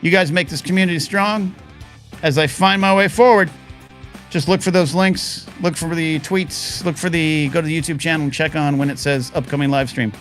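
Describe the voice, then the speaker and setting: A man's voice: on the high side, steady tone, normal speed, fairly bright tone, soft background music. A man hosting a live-stream talk show, rambling casually with lots of fillers, saying he is starting to lose his voice. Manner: rambling, chatty, many fillers and restarts. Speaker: host of a live call-in stream.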